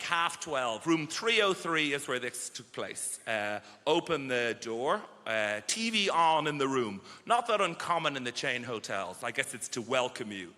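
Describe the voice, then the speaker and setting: A man performing a stand-up comedy set in a theatre, animated and acting out other people in loud voices. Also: on the high side, slight background noise. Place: large theatre stage before a live audience. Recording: roomy hall with loud audience laughter.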